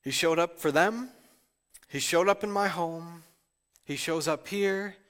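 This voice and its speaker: A male pastor with a fairly high voice preaches a heartfelt sermon, close to tears, stumbling and restarting as he shares personal struggles. His voice rings out with a long reverb, as if in a church sanctuary. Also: a little slow, fairly bright tone. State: tearful, near crying.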